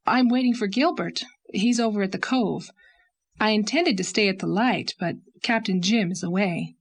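A woman reading an audiobook, voicing a gentle, sensible young woman who soothes a friend in an earnest tone. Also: medium pitch, lively intonation, normal speed, voice pushed up. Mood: concerned. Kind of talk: audiobook character voice.

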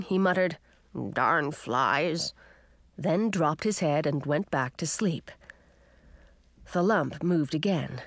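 Expressive woman reading a storybook. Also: on the low side, no echo. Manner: expressive, animated dialogue. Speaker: narrator.

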